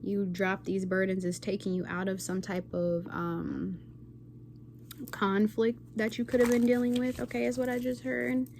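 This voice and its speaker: A woman's voice: mid-range voice, level tone, normal speed, gravelly, a little mellow, a little hiss or hum. A woman giving a casual, rambling intuitive tarot reading to viewers, often checking in with "okay?". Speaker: tarot reader.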